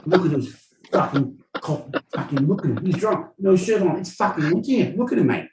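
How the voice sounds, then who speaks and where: A boisterous, foul-mouthed Aussie bloke, as a man puts him on with a put-on Australian accent, pitched well above his own low voice. He sounds loud and rowdy, calling everyone mate. The voice rings in an echoey room, picked up from some distance off the mic. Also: animated, normal speed, slight background noise.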